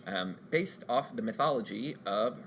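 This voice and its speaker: A man's voice: medium pitch, lively intonation, moderate pace, a bit bright, slight background noise. A man co-hosting a casual podcast, playful and jokey, chatting loosely with his co-host. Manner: playful, jokey, does silly character voices.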